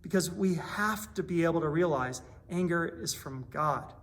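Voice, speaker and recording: A man's voice: fairly high pitch, moderate pace, fairly bright tone. A man preaching a sermon in a small church, earnest and conversational, building to stronger emphasis. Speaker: pastor.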